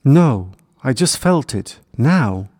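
A man's voice: mid-range voice, lively intonation, takes it slowly, warm tone, no room sound, clean studio sound. A man voicing a young male hedgehog in a storybook, earnest and emotional, speaking in a raised, pleading voice.

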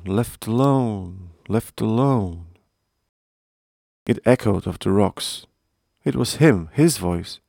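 A man narrating a storybook in a measured, earnest way. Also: lowish voice, gravelly, mellow, dry recording, studio quality.

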